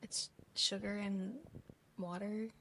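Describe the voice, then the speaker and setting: A woman's voice: mid-range voice, little pitch movement, slow pace, fairly bright tone, slight background noise. A young woman in her twenties co-hosting a podcast, chatting in a laid-back way and chiming in with short reactions. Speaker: podcast co-host. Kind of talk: casual chat.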